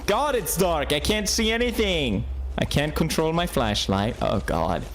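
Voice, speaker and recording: A man in his thirties playing a horror game on video, joking along and jumping into high yelps whenever he gets scared. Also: big pitch swings, a little slow, a little hiss or hum. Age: 30s. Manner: jumpy, jokey, bursts into high yelps when scared. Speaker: gaming video host. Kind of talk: horror game play commentary.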